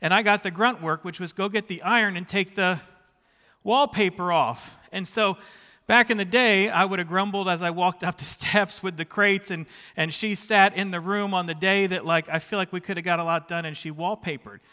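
A man's voice: high voice, steady tone, normal speed, bright, forceful tone, in a large hall. A middle-aged man preaching a sermon in a church sanctuary, chatty and self-deprecating, who keeps checking in with the congregation. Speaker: pastor. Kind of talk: sermon with personal stories.

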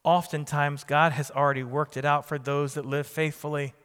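A man's voice: fairly high pitch, level tone, moderate pace, a bit bright, clear, resonant tone. Emphatic preacher man in a reverberant hall. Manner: emphatic preaching with repeated phrases and questions to the congregation. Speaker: pastor. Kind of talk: sermon.

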